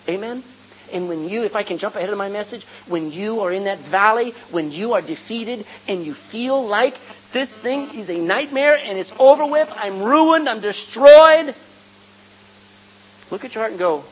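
A woman preaching a sermon, retelling a scripture story with animated storytelling, asking the congregation questions and calling for amens. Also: medium pitch, normal speed. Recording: dull lo-fi recording with faint hum.

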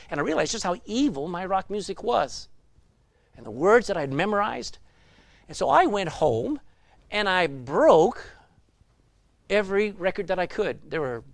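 High-voiced older preacher, dry sound. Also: male voice, no echo. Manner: storytelling preacher with sudden loud bursts. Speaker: pastor. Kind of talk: sermon.

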